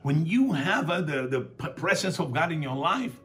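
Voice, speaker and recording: A man preaching a sermon in a relaxed, conversational way, telling stories and acting out the dialogue. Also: a little high, normal speed, faint music behind. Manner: calls for audience responses. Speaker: pastor.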